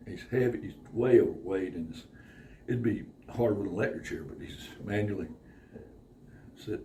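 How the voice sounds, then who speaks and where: A man's voice: on the low side, normal speed, dark tone. Profane, laughing male storyteller, distant mic. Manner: profane, laughs often while telling a story. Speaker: podcast guest. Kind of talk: casual storytelling. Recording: distant mic with faint background noise.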